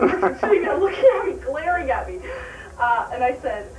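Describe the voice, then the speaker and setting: A woman's voice: high voice, brisk. Giggly young woman in a noisy room. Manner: giggly, animated storytelling. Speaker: old classmate telling a story. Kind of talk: casual anecdote to camera. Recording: echoey room, distant mic, crowd chatter.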